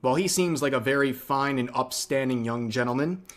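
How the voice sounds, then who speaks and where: A man's voice: medium pitch, moderate pace. A man hosting a commentary video, narrating clips with dry sarcasm. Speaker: commentary channel host.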